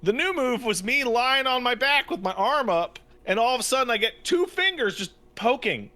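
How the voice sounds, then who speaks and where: A young adult man co-hosting a podcast in casual chat, an animated storyteller who acts out his quotes. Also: extremely high pitch, moderate pace. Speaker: podcast co-host. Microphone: studio podcast mic.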